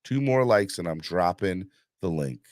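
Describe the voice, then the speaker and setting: Low-voiced hyped man hosting a livestream. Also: expressive, measured pace, darkish tone, dry recording, studio quality. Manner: hyped, pushes viewers for likes and donations; rambling with many fillers. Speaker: livestream host. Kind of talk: casual live-stream sports chat.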